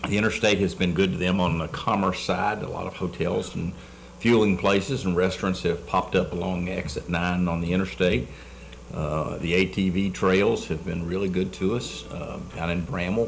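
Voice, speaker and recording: A man's voice: deep voice, steady tone, normal speed, vocal fry, a little hiss or hum. A man chatting easily as a dinner guest, rambling a little with repeated words and fillers. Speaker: dinner guest, state delegate. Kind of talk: casual chat over dinner.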